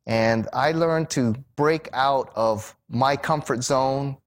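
A middle-aged man telling a personal story in a sermon, animated and acting out the voices of the people he quotes. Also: takes it slowly. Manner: animated storyteller who acts out quoted voices with big pitch jumps. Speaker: Bible teacher and speaker.

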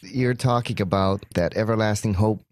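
A man's voice: on the low side, moderate pace. A man hosting a Christian apologetics interview, earnestly summing up a point. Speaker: host of a Christian apologetics show.

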